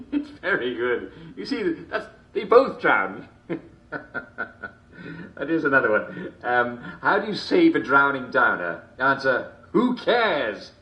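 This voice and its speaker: Uncle Jack, a chuckling show host. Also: male voice, medium pitch, very animated, takes it slowly, lo-fi sound. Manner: chuckles constantly between lines, chummy showman patter. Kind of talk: video game character performance.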